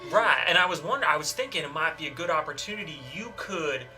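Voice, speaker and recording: A man playing a tabletop game, talking in character as a smooth, persuasive hustler with frequent fillers. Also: a little high, expressive, fast talker, bright, forceful tone, faint music behind. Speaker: player.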